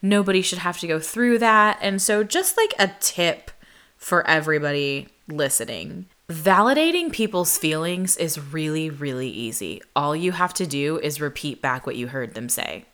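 A woman's voice: deep voice, moderate pace. A young adult woman host telling a personal story in a casual, chatty way, heavy on "like" and acted-out quotes. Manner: chatty, animated, lots of "like", acts out quoted voices. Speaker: podcast host.

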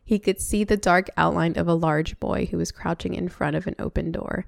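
A woman's voice: on the low side, fairly even intonation, a little fast, vocal fry, no echo, studio quality. A woman reading a novel aloud, breaking off now and then for chatty comments. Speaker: reader.

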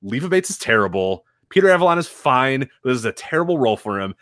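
A man co-hosting a wrestling podcast in casual chat. He talks fast, with his pitch swinging widely as he acts out what other people said. He laughs often and swears freely, in a dry, close recording. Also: very animated, a bit bright, no room sound. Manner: acts out quoted people in changed voices. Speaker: podcast co-host.

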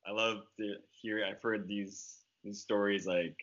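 A man's voice: fairly low pitch, flat delivery, unhurried, fairly bright tone. A man co-hosting a podcast, rambling in casual chat with lots of "like". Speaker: podcast co-host, musician. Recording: dull lo-fi sound.

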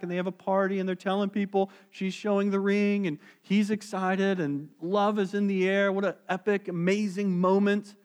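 Male pastor, high voice, sermon delivery: animated storyteller who drops soft and slow for emphasis.

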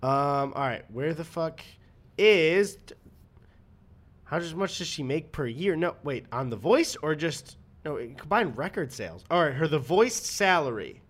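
A man co-hosting a podcast with a fairly high, very lively voice that swings up and down. He laughs often and mutters while reading things off a screen in casual chat. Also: measured pace. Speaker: podcast co-host.

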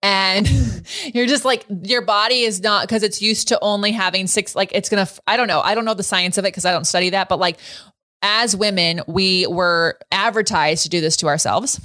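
A woman's voice: mid-range voice, normal speed, pushed and bright, dry recording. A woman hosting a podcast who chats frankly and laughs often while interviewing a guest. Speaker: podcast host. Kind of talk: casual interview chat.

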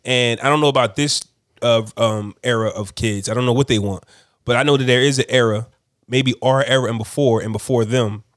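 A man in a casual group chat, explaining his view calmly with some hesitations. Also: mid-range voice, fairly quick, dry recording, studio quality.

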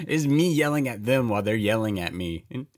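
Animated low-voiced man reacting to a movie. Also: brisk. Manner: talks back to the screen, laughs often, swears. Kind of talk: casual reaction commentary.

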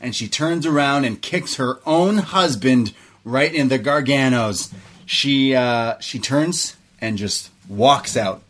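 A young man co-hosting a podcast, recapping a wrestling show in a casual, excited way, swearing freely and laughing often. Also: medium pitch, slow. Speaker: podcast co-host.

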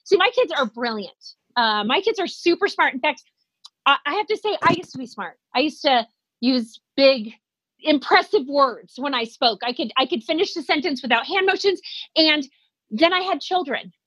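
High-voiced woman in her forties, joking. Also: moderate pace, no echo, rough recording. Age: 40s. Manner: animated, self-deprecating, acts out quotes. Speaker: comedian guest. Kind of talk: comedic storytelling in conversation.

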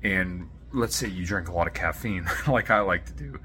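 Deep-voiced man doing a casual ad read. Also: normal speed, noisy background. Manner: loose, filler-heavy delivery. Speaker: podcast host reading a sponsor ad.

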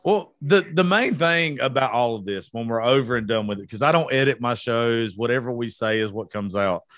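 A man's voice: medium pitch, fairly quick, a bit bright, dry recording. A young man from South Georgia with a Southern accent, hosting a casual, unedited podcast, profane and self-mocking. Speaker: podcast host.

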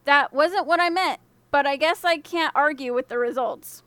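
A woman's voice: high voice, normal speed, fairly bright tone, dry recording. A woman voicing a humble, exasperated old father in a storybook reading. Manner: exasperated, resigned.

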